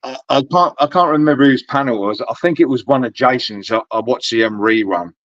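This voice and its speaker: A British man chatting casually as co-host, swearing a lot and mocking people with quick impressions. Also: mid-range voice, fairly bright tone, dry recording. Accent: British English. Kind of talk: casual chat. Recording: dull lo-fi dry sound.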